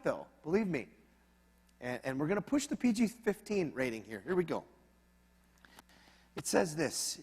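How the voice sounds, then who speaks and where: A man preaching a sermon as pastor, in a conversational, animated manner with humorous asides. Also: mid-range voice, big-room sound.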